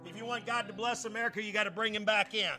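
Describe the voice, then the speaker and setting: An older man preaching a sermon as pastor, emphatic and conversational, climbing into shouted peaks, with faint music behind. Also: high voice, steady tone, quick pace.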